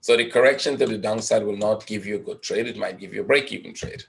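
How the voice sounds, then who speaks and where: Guy running a live trading webinar, lowish voice, talks it through out loud, keeps saying right?. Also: fast, vocal fry. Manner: thinking aloud, asks and answers his own questions; conversational, frequent "right?" tags. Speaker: trading educator. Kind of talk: live webinar chart walkthrough.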